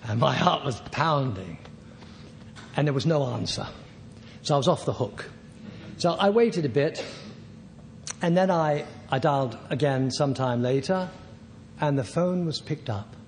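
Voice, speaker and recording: Older guy sharing his recovery story in a big reverby hall, a bit high-pitched, halting and self-mocking, faint room hum behind. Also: expressive. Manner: halting, self-deprecating, with soft laughs. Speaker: speaker at a recovery meeting.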